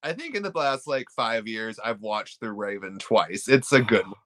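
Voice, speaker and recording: A man's voice: fairly low pitch, animated, normal speed, fairly bright tone, no room sound. A man co-hosting a podcast in casual chat, making wry asides. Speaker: podcast co-host. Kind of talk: casual chat recapping wrestling.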